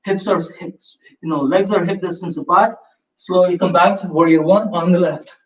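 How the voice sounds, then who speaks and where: A man guides a live yoga class, calling out poses and breaths in a calm, unhurried way. His voice sits fairly high for a man and comes from a bit away from the mic. The sound is roomy and slightly muffled. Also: far from the mic, a little hiss or hum. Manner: calm, slow step-by-step cues with breath prompts. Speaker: yoga instructor.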